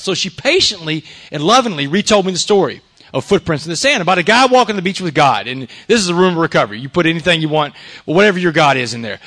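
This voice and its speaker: A middle-aged man giving an earnest recovery testimony to a live audience, swinging from loud emphasis to hushed confession. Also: on the high side, expressive, fast talker. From Texas. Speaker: recovery speaker.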